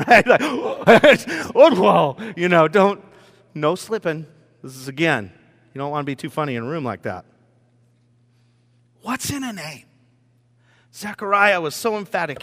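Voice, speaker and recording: A man pastor preaching a sermon in a room with whiteboards, telling the story in an animated way and acting out the scenes. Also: on the high side. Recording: long reverb in a hall.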